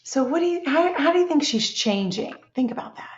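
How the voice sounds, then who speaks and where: Teacher woman, slow and encouraging. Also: sits high, expressive. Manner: slow, encouraging, asks many tag questions. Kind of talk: classroom reading lesson for young children. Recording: echoey room, dull lo-fi sound.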